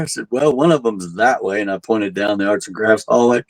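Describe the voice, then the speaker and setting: Male tour guide, relaxed storyteller who voices the people in his tale; dry, close recording. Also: on the low side, brisk, no room sound, low-quality recording. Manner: laid-back, animated when quoting people, chuckles at his own jokes. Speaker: haunted asylum tour guide. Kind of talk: casual storytelling.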